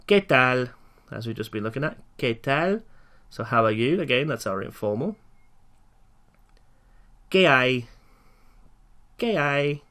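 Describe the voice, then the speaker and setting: A man giving a recorded lecture for learners, slowly and clearly repeating each phrase for them to follow. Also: mid-range voice, a bit bright. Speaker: language teacher.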